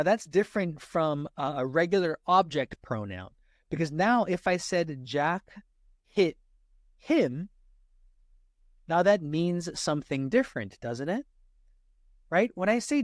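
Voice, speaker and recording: Male tutor, casual lesson delivery, habitual "right?" checks, slightly high voice, dry close sound. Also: no echo. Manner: repeats "right?" after nearly every point; slows down to stress example sentences. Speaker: SAT tutor. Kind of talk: casual teaching explanation.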